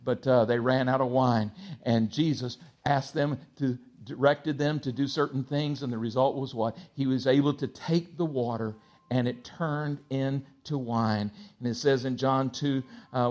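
A man preaching a sermon, moving from quiet, hushed storytelling to loud, high-pitched excitement, with stammering restarts. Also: unhurried. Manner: animated preaching, swings from hushed to shouting. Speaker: pastor.

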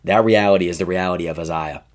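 A man who is a high school youth pastor, talking through a Bible chapter in an upbeat, chatty podcast style full of asides. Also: fast. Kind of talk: casual devotional podcast talk.

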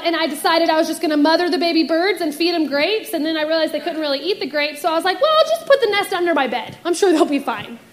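A young adult woman and youth pastor giving a casual sermon, telling a personal story and acting out the voices in it. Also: very high-pitched. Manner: animated storytelling, acts out voices in quotes.

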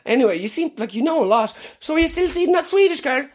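An Irish man putting on a prying, gossiping small-town woman with a shrill voice. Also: expressive, fast talker. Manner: shrill, gossiping, relentless questions.

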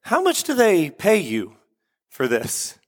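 A man voicing a small, calm, bold rabbi who asks questions in a matter-of-fact way. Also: high-pitched, slow pace, voice pushed up, full character voice. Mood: wry. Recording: echoey hall.

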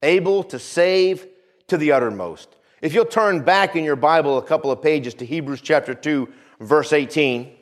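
A man's voice: on the high side, moderate pace. A male pastor preaching a sermon, repeating phrases for emphasis and calling out for amens.

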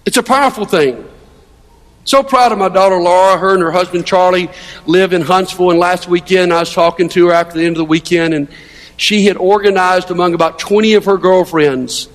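The sermon comes from a middle-aged male pastor whose voice sits high and a bit bright; he talks like a storyteller and asks rhetorical questions, all under long hall reverb.

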